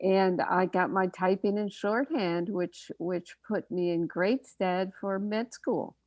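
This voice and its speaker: A woman's voice: medium pitch, steady tone, takes it slowly, a little mellow, no room sound. An older woman, a doctor hosting a radio talk show, telling stories in a chatty way with frequent laughs. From Canada. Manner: chatty storytelling, laughs often. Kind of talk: casual radio chat.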